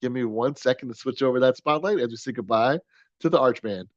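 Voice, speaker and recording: A man's voice: medium pitch, a little fast, dry recording, dull audio. A man hosting a virtual dog adoption event over a video call, speaking with enthusiasm and laughing often. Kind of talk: upbeat promotional chat.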